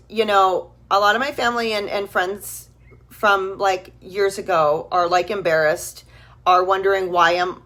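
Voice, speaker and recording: A woman's voice: fairly low pitch, a bit bright. A woman in her thirties on a live stream, talking earnestly and emotionally to her followers and repeating phrases for emphasis. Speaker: vlogger.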